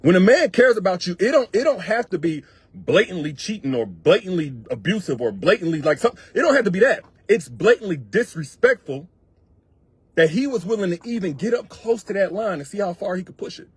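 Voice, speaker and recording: A man's voice: sits high, very animated, fairly quick, breathy edge, dry recording. A man working as a relationship coach, giving emphatic, repetitive, colloquial advice straight to his viewers. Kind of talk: direct advice monologue to viewers.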